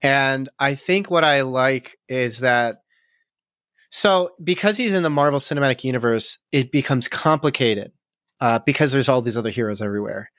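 A man co-hosting a podcast, reflecting on a movie in a thoughtful, halting way. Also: mid-range voice, fairly bright tone, dry recording, clean studio sound. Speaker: podcast co-host. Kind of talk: casual movie review chat.

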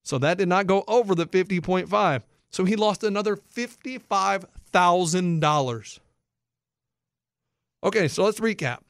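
A man hosting sports talk, animated and incredulous as he explains bets to listeners. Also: high-pitched, a little slow, no echo. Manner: excitable, incredulous, explains for non-bettors. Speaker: sports radio host.

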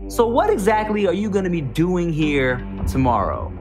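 Stern male border officer, as a man puts him on, clipped, suspicious, higher than his own voice. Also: very animated, moderate pace, over music.

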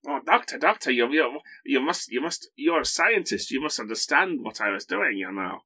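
A man voicing a desperate male villain with a put-on German accent, pleading in halting, broken-off phrases. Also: mid-range voice, expressive, bright, forceful tone.

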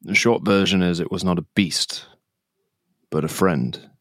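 A man playing a tabletop game who speaks in character in a measured, earnest way. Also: low-pitched, a bit bright, no echo, clean studio sound. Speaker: player.

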